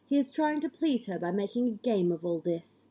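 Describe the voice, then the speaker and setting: A woman reading a literary story aloud in the first person, measured and grave, on a dull lo-fi recording. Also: medium pitch, animated, dark tone, husky. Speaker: audiobook reader.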